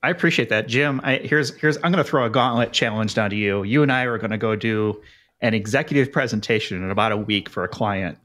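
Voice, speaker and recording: A man hosting a podcast, joking with his guest in a relaxed way and reading show promos. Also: fairly low pitch, quick pace. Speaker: podcast host. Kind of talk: casual podcast chat.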